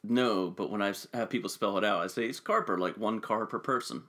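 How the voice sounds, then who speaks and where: A man's voice: fairly low pitch, brisk, a bit bright. A man co-hosting a podcast, trading playful wisecracks during a recap. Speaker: podcast co-host. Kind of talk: casual recap chat.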